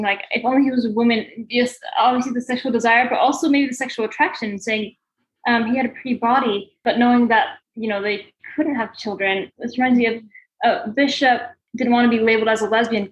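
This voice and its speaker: A woman's voice: a little high, fairly even intonation, fairly quick. A woman in a casual literary discussion, speaking thoughtfully and hesitantly with fillers. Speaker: discussion participant. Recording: dull lo-fi sound.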